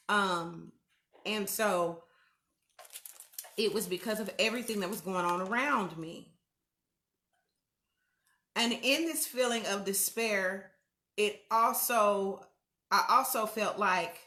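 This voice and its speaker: A woman hosts a casual livestream, talking frankly and warmly to her viewers as "y'all". Her voice is bright and clear. The room around her is echoey. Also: medium pitch, measured pace, pauses often. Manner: candid, chatty, addresses viewers as y'all. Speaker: host.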